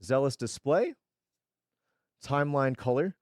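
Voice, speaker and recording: Lively joking man opening card packs. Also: medium pitch, measured pace, dry recording, studio quality. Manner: swears freely, stumbles over card names, jokey. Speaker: streamer. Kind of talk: casual chat while opening card packs.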